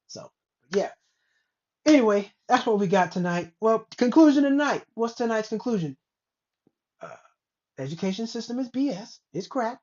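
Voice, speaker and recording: A woman's voice: a little high, expressive, moderate pace, pauses often, a little mellow. A woman hosting a casual commentary show, ranting in a blunt, rambling way with plenty of profanity. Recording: dull lo-fi recording.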